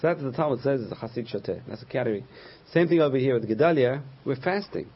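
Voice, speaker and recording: Male rabbi, husky voice, storytelling lecture that acts out quotes; lo-fi recording. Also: medium pitch, lively intonation, fast talker. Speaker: rabbi teaching a class. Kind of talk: Torah class lecture.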